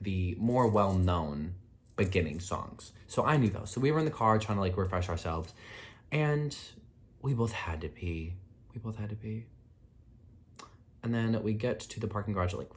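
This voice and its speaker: A young man with a slightly low voice chats through a casual storytime vlog. He rambles and leans on filler words. His pitch jumps up sharply when he gets excited. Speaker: vlogger.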